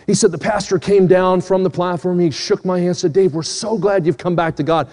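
A man preaching to a congregation, his somewhat high voice ringing with a long reverb through the hall. He tells his story with voices for each person and then pleads earnestly with his listeners. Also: steady tone, brisk, darkish tone. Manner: earnest, pleading, acts out quoted dialogue. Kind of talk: sermon with storytelling.

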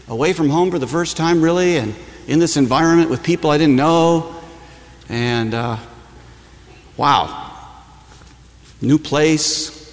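A man's voice: high voice, fairly bright tone, long reverb tail. A man from Michigan preaching a sermon, telling stories in a conversational, joking way. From Michigan, USA. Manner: conversational, self-deprecating humor, frequent "uh"s. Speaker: campus preacher. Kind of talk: sermon with personal storytelling.

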